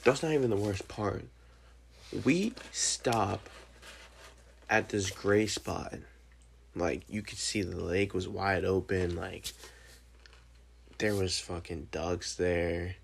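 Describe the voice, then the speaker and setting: A young man telling a story in a casual chat, animated, profane and full of slang. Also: low-pitched, takes it slowly, creaky, pauses often, a little hiss or hum.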